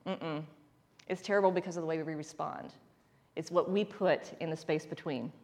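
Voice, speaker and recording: A woman's voice: low-pitched, normal speed, darkish tone. A woman leading a spiritual talk with a congregation, telling stories playfully and laughing often. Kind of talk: spiritual talk with call-and-response.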